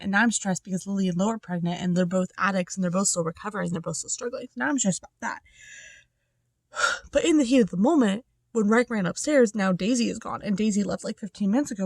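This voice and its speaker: A young woman chatting casually about a book in a reading vlog, excitable and full of fillers, swinging between hushed asides and loud outbursts. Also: medium pitch, no room sound. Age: young adult. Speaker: book vlogger.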